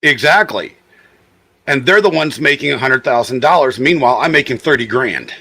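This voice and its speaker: A man's voice: medium pitch, animated, normal speed, gravelly, bright, forceful tone, breathy edge. A man with a Texan accent chatting casually, frank and exasperated as he tells stories. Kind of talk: casual chat.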